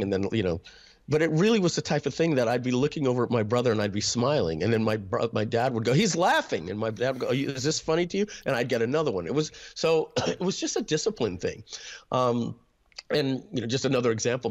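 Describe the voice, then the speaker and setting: A man being interviewed, reflectively telling family stories about his upbringing and often clearing his throat. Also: medium pitch, a little mellow. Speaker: interview guest, internet marketer. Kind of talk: personal storytelling in an interview.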